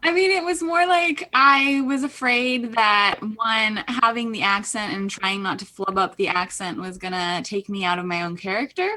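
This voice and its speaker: Woman, tabletop player, bright tone, candid, playful. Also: medium pitch, fairly even intonation. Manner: candid, playful, quick to laugh. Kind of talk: casual chat around a tabletop game.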